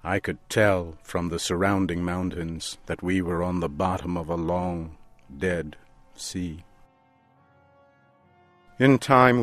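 A man reading a story aloud in a slow, measured and deliberate way, as the narrator. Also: deep voice.

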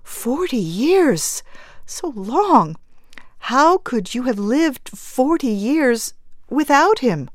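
A woman's voice: high-pitched, very animated, very slow, dry recording, studio quality, pitched above the performer's own voice, heavily acted. A woman reading the lines of a grieving young mother in mourning, anguished and pleading.

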